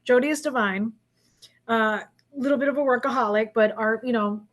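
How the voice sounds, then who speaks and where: A woman in her thirties with a slightly higher voice hosts a video call. She is upbeat and teasing, and she praises the people she talks to. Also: moderate pace, dull audio. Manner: enthusiastic and teasing. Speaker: host of an accountability call. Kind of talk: casual chat.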